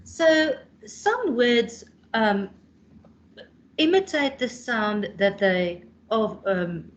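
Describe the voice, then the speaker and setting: A woman's voice: mid-range voice, muffled recording, a little hiss or hum. A South African woman in her thirties teaching a revision lesson, explaining patiently and calling on students by name. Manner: explains patiently, calls on students by name, tags questions with "hey?".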